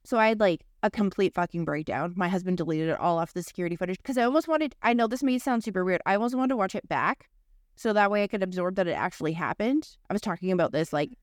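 A woman's voice: lowish voice, fast talker, no room sound, studio quality. Frank, profane woman telling a story. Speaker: podcast co-host. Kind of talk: casual conversation.

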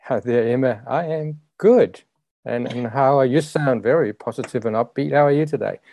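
A man from Europe who works as a life coach, talking in a hesitant, halting way as a podcast guest. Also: mid-range voice, gravelly, mellow. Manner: hesitant, halting, repeats words. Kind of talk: casual interview chat.

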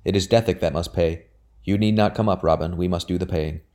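A man voicing an eager young gentleman. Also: low-pitched, fairly quick, close to an everyday voice. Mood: calling out.

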